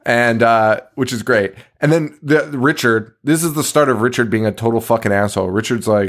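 A man's voice: mid-range voice, moderate pace, hardly any pauses. A man co-hosting a podcast, recapping a horror movie in casual chat, swearing often, laughing and acting out the characters' lines. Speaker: podcast co-host.

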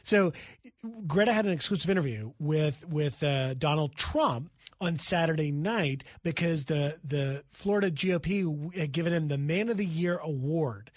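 High-voiced man telling a lively story. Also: no room sound, studio quality. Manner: lively anecdote-telling, brisk, acts out quoted voices. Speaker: news correspondent, guest. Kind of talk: animated radio storytelling. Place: radio studio.

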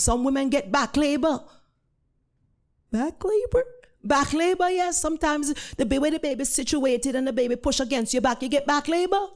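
A woman voicing a stern, motherly middle-aged nurse with a Jamaican accent, scolding loudly in broken grammar. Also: high voice, pitched above the performer's own voice, lightly acted. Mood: soothing. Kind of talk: storytelling with acted quotes.

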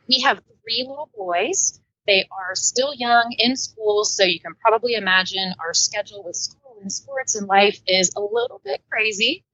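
A woman's voice: medium pitch, bright, forceful tone, no echo, lo-fi sound. A woman in her late thirties with a Southern Indiana twang, a guest author chatting in an upbeat way and laughing often on a podcast. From Midwestern United States. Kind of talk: casual podcast interview.

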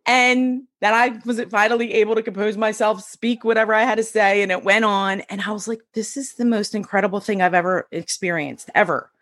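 A woman's voice: mid-range voice, steady tone, a little fast, hardly any pauses, a bit bright, dry recording. A middle-aged woman from the US East Coast, a podcast guest telling her story bluntly and acting out what people said. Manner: blunt, acts out quoted dialogue.

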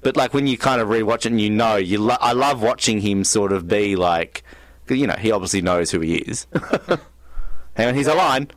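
A man's voice: fairly low pitch, normal speed, no echo. A man co-hosting a podcast, chatting casually and animatedly through a film commentary, rambling with lots of restarts. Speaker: podcast co-host.

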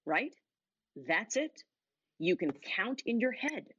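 A woman speaker coaching an audience on negotiation from a stage, in a motivational talk with punchy phrasing and deliberate pauses. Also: mid-range voice, sing-song, a bit bright, slightly rough, dry recording, muffled recording.

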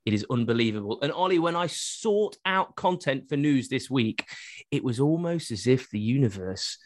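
A man hosting a casual podcast, reading odd news stories aloud with an animated, laughing delivery. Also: mid-range voice, moderate pace, no echo, studio quality. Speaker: podcast host.

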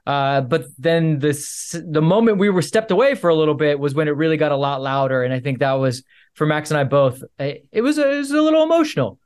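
A fairly high-pitched man co-hosting a laid-back sports podcast. He teases his partner playfully and often restarts his sentences with fillers. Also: animated, fairly quick, darkish tone, clean tone. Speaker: podcast co-host. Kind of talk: casual sports podcast chat.

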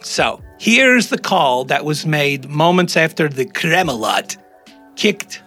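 A man hosting a podcast, telling a story in an animated, joking way. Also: on the high side, slow pace, breathy edge, soft background music. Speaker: podcast host. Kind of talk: casual storytelling chat. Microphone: close studio mic.

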